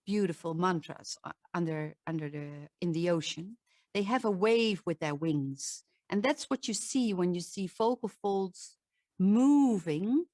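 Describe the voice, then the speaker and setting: A woman's voice: a little slow, darkish tone, no room sound, clean studio sound. A woman with a Dutch accent, a voice coach giving a talk and demonstrating vocal sounds. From Netherlands. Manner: demonstrative, shifts pitch to show examples.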